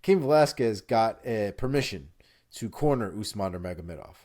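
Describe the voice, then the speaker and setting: A man with a fairly low voice gives a fight prediction on an MMA show. He is confident and emphatic. He talks in a casual, blunt way. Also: lively intonation, moderate pace, a little mellow.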